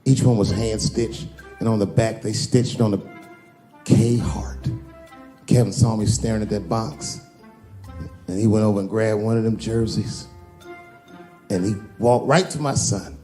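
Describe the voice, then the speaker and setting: A man, a stand-up comedian, telling a profane, animated story. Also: fairly low pitch, a little slow, pauses often, faint music behind.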